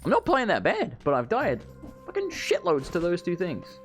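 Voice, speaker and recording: A man's voice: sits high, wildly swooping pitch, normal speed, loud music behind the voice. A man giving rambling, swear-filled commentary while playing a video game. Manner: chatty, rambling, swears freely. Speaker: gaming channel host. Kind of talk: casual let's play commentary.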